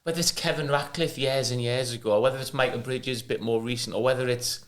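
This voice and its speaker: A man co-hosting a podcast in casual chat, an animated storyteller who mimics old managers. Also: mid-range voice, fast talker. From England or Wales. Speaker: podcast co-host, ex-footballer.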